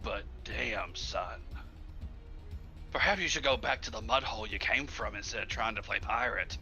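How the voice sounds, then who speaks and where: A man's voice: on the low side, moderate pace, pushed and bright, faint music behind. A man voicing an arrogant, mocking male kitsune pirate first mate, sneering and theatrical, on slightly muffled stream audio.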